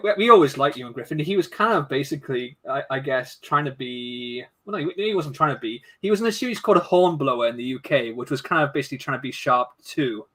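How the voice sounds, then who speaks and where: A man's voice: mid-range voice, fairly bright tone. A man co-hosting a casual live-stream chat. He tells stories in a rambling way, often trailing off and restarting. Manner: chatty storyteller, trails off and restarts. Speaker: stream co-host.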